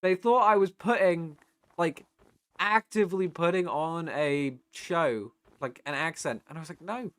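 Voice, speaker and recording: A tired British man chatting casually on a live stream, swearing freely and getting loud and worked up when he rants. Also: fairly high pitch, unhurried, smooth, no echo. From Britain.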